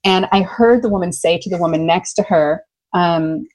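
A woman's voice: lowish voice, moderate pace, a little mellow. A middle-aged woman, an enthusiastic storyteller with a big laugh, speaking as a love coach in a podcast interview. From United States.

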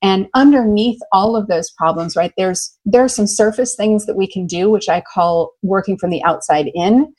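American woman guest, upbeat animated storyteller, mid pitch, casual interview. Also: normal speed, few pauses, low-quality recording. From United States. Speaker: love coach guest.

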